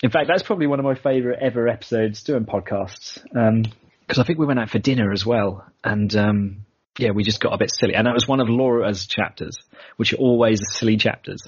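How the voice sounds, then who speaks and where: A husky-voiced British man hosts a podcast in relaxed, jokey chat, laughing along with his guest. The recording sounds dull and lo-fi. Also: fairly low pitch, brisk, no room sound. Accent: British English. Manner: chatty and jokey, laughs often. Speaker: podcast host.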